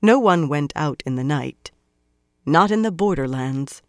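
A narrator reading a fantasy novel aloud in a measured, even storytelling delivery. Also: medium pitch, no room sound, studio quality. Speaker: audiobook narrator. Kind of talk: scripted fantasy audiobook narration.

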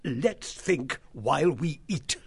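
An actor playing a grave elderly male mouse abbot who speaks calmly and measuredly in a full-cast audiobook. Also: on the high side, slow, gravelly, slightly rough, no room sound, exaggerated voice.

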